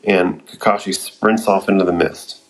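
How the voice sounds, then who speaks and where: A man casually recapping and commenting on an anime episode, swearing now and then and trailing off with fillers and excited asides. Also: deep voice, moderate pace, low-quality recording.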